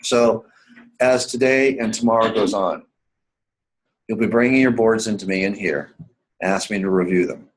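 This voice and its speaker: A man's voice: on the low side, normal speed, long pauses, low-quality recording. A man teaching a writing seminar class live, emphatic and repetitive, often asking the students whether they follow. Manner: emphatic, repeats key points, asks the class questions.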